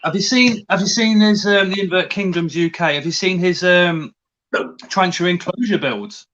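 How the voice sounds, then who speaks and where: A man's voice: high-pitched, normal speed, fairly bright tone, muffled recording, a little hiss or hum. A man hosting a casual livestream, greeting viewers in the chat and talking in a hesitant way with many restarts. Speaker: livestream host.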